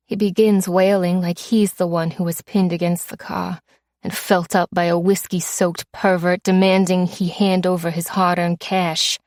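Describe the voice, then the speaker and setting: A woman narrating an audiobook in first person, steady and measured, tough and menacing in the dialogue. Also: fairly low pitch, no room sound, clean studio sound.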